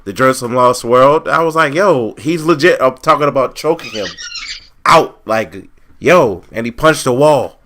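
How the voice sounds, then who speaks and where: Man, podcast co-host, dry, laid-back, bright timbre. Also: mid-range voice, normal speed, a little hiss or hum. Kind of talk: casual chat.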